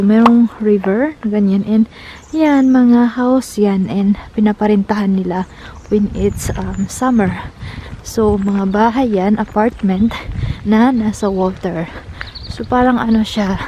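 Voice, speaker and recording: A woman's voice: mid-range voice, measured pace. A Filipino woman vlogging in casual chat, mixing Tagalog and English and talking straight to her viewers. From Philippines. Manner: chatty, addresses viewers as guys. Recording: loud outdoor background noise.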